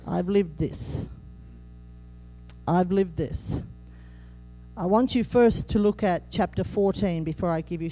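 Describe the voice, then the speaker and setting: A woman preaching a sermon, animated and humorous, acting out scripture quotes with sudden jumps in voice. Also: lowish voice.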